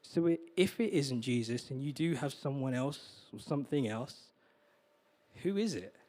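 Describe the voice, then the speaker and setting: Halting, earnest male preacher. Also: medium pitch, animated, dark tone. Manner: halting, repeats words, earnest; heartfelt and confessional. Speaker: guest preacher. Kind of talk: sermon.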